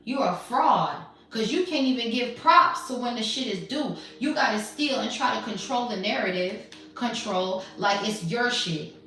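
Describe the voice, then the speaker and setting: A woman's voice: fairly high pitch, animated, normal speed, few pauses, a bit bright, distant mic. Brash woman in an echoey room. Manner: blunt, profane, slangy and mocking. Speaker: tarot reader. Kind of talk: casual tarot reading monologue.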